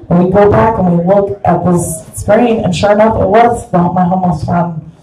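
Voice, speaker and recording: A woman's voice: mid-range voice, fairly even intonation, fairly quick, over music. A woman stand-up comedian telling a crude, rambling story live on stage in a club. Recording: echoey club from far off.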